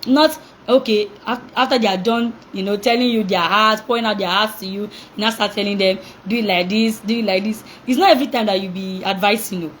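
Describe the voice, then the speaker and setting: A young woman coaching parents in an animated talk, acting out reactions, laughing often and asking call-and-response questions. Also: medium pitch, fast talker, a little hiss or hum, rough recording.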